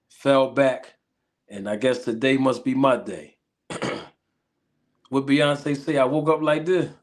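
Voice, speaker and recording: A man from Philadelphia with a Philly accent hosting a casual livestream, greeting viewers with drawn-out shout-outs and catchphrases while a little sick. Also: mid-range voice. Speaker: livestream host.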